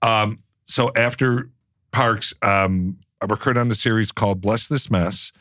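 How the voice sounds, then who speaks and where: A man's voice: fairly low pitch, steady tone, a bit bright, no room sound, studio quality. A man co-hosting a podcast in casual chat, telling stories in a gushing way and often laughing. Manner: gushing, storytelling, quick to laugh, restarts sentences. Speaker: podcast co-host and former cast member.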